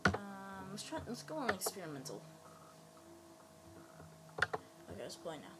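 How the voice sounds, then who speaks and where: A woman's voice: mid-range voice, huge pitch swings, a little slow, heavy background noise. A woman giving casual let's-play commentary, rambling playfully and talking at other players. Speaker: gameplay commentator.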